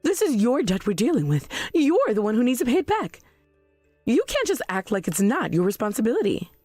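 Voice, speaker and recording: A woman plays a proud, self-righteous mother in a text-message story drama, pitched a little high with a lively, swooping delivery. She sounds sharp and defensive, in a dry close recording with faint music behind. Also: a little fast, no room sound. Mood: outraged.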